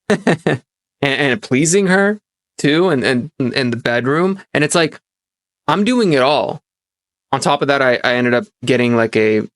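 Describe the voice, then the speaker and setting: A man's voice: medium pitch, a bit bright, no echo. A young man telling a personal story and giving advice, earnest and rambling, with many restarts and fillers. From immigrant childhood, grew up in America. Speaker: self-help podcast host.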